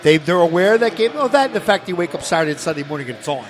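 Soccer talk guy, rambly and chatty, slightly high voice, keeps saying you know. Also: very animated, very fast, noisy background. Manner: chatty, fills with "you know" and restarts, argues points. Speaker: co-host of a soccer talk show. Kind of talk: casual sports chat.

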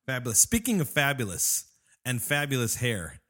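A man hosts a relaxed tech podcast in a playful, joking way. He explains software features in plain, chatty terms and laughs easily with his co-hosts. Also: mid-range voice. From Austin, Texas. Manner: jokey, quick to laugh, explains technical topics. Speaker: podcast host. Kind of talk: casual tech podcast chat.

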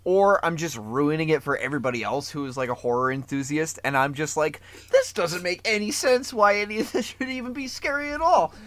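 A man co-hosting a podcast in casual chat, joking and acting out scenes with loud put-on voices. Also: fairly high pitch, brisk, hardly any pauses, no echo. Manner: animated, mocking, acts out scenes with loud voices. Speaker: podcast co-host.

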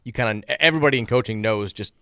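A man's voice: fairly low pitch, rapid-fire, bright, forceful tone, smooth, dry recording, clean studio sound. A man hosting a sports radio show in casual talk, blunt and opinionated, often stumbling and restarting his sentences. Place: radio studio.

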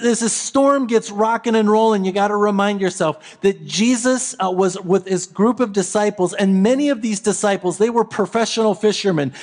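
High-voiced man preaching slowly. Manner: storytelling, repetitive, builds then softens. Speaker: pastor. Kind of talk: Christmas Eve sermon.

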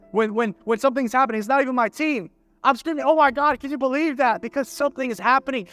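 A man preaching a sermon with passion, asking the congregation rhetorical questions. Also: sits high. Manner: passionate, builds from quiet to loud. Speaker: pastor.

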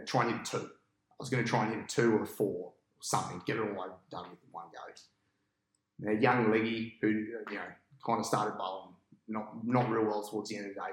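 A cricket captain telling a long match story on a podcast, in a casual, animated way and with an Australian accent. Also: male voice, on the low side, roomy sound, a little hiss or hum, rough recording. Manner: animated storyteller, acts out his own past thoughts.

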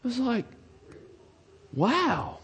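A man who is a pastor, delivering an emphatic sermon in a church and rising to shouts on key lines. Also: extremely high pitch, wildly swooping pitch, very slow, gravelly, husky.

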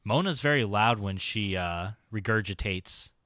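A man's voice: lowish voice, animated, a little slow, bright, forceful tone, no room sound, clean studio sound. A man co-hosting a casual chat, teasing and easygoing.

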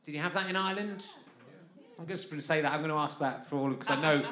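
Chatty man, bright voice, roomy venue. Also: on the high side, quick pace. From London. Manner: rambling, chatty, often laughing mid-sentence. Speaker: podcast host. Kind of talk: live comic monologue to an audience. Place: live festival venue. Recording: roomy live venue sound.

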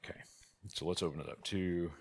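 A man, a priest, teaching a conversational church class, lively and full of rhetorical questions. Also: deep voice, brisk. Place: church hall. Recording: long hall reverb.

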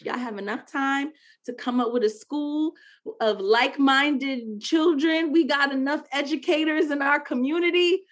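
A woman's voice: high-pitched, unhurried. A woman co-hosting a podcast, chatting casually and joining in with playful, teasing remarks. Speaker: podcast co-host. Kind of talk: casual chat.

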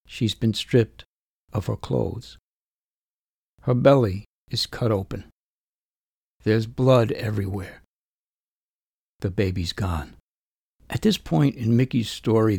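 A man in his fifties telling a personal story in the first person, earnest and emotional, with measured pauses. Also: fairly low pitch, gravelly, a little mellow, breathy edge, no echo, clean studio sound. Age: 50s.

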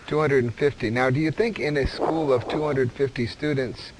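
A man's voice: medium pitch, steady tone, noisy background. Probing male radio interviewer. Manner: probing, halting questions.

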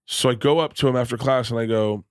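A man's voice: medium pitch, quick pace, darkish tone, no room sound, studio quality. A man hosting a podcast, telling a story in a casual, rambling way, swearing often and acting out the people in it. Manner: rambling, restarts sentences, swears freely; acts out quoted people in his stories. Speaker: podcast host and stand-up comedian.

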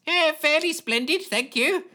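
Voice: mid-range voice, big pitch swings, normal speed, bright, forceful tone, pitched above the performer's own voice. A narrator voicing a flustered, fussy male rocket captain who stammers through ums and uhs.

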